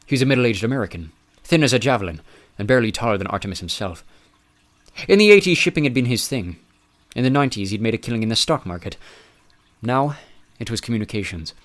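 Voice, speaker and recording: A man narrating an audiobook in a measured, even reading style. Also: on the low side. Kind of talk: scripted narration.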